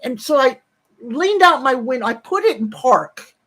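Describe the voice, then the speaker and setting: A woman's voice: sits high, expressive, normal speed, a bit bright. A woman in her sixties on a casual livestream, telling a rambling, profane story and breaking off to greet viewers in the chat. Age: 60s.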